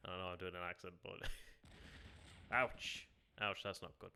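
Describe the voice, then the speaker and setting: A man's voice: low voice, steady tone, moderate pace, creaky, pushed and bright, slight background noise. A man streaming a strategy game, thinking aloud, muttering and repeating himself as he reacts, now and then talking to his viewers. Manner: muttering, self-questioning, repeats phrases; chats with viewers between moves.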